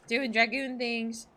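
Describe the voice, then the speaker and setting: A woman's voice: fairly high pitch, pushed and bright, slight background noise. A woman livestreaming a video game, chatting playfully with her viewers, joking about herself and laughing often. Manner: talks to chat while reading game text. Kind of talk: casual gameplay chatter.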